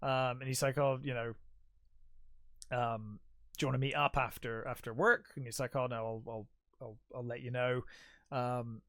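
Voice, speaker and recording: A man's voice: medium pitch, steady tone, normal speed, long pauses, fairly bright tone, dry recording, clean studio sound. A man co-hosting a film podcast, casually retelling the plot in a rambling way with lots of fillers. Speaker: podcast co-host. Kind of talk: casual film review chat.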